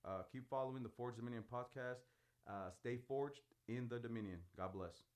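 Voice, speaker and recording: Casting: easygoing male podcast host, casual chat, slangy and relaxed. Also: mid-range voice, moderate pace. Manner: laid-back, laughs often, says "bro" and "man".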